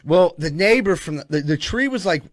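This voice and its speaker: A man's voice: a little high, lively intonation, fairly quick, no room sound. A man from telling crude stories as a podcast co-host, rambling and profane, often asking "you know what I mean.". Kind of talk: casual crude storytelling.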